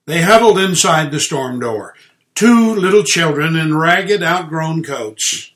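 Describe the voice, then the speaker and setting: A man narrating an inspirational story in a gentle, measured reading voice. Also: fairly high pitch, lively intonation.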